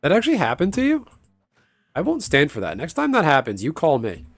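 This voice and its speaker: A man's voice: fairly high pitch, huge pitch swings, fairly quick, no room sound, faint music behind. A man streaming a game and chatting casually, rambling, swearing freely and laughing often. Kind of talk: casual chat while gaming.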